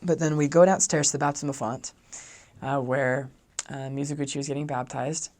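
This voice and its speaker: A man's voice: mid-range voice, fairly even intonation, normal speed, a little mellow. A young man, a former missionary, telling a personal story in a chatty way, full of fillers, who raises his voice when quoting himself speaking kindly.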